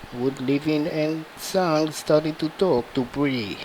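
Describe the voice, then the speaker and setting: Man narrating a game fan story, slow and plain, kinda high voice. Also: a little mellow, slight background noise, poor audio.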